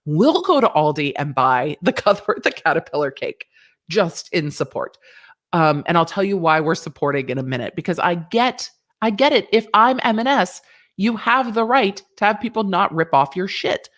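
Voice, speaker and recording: A woman's voice: lowish voice, big pitch swings, moderate pace, a bit bright. A woman hosting a casual livestream about a legal case, chatty and sassy with joking asides. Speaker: legal commentary host.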